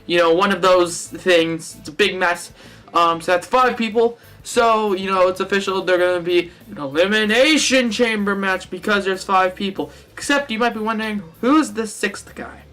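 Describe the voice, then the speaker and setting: High, bright-voiced young man rambling. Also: moderate pace, faint music behind. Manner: rambling, self-correcting and jokey. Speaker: wrestling fan vlogger. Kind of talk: casual fantasy-booking monologue.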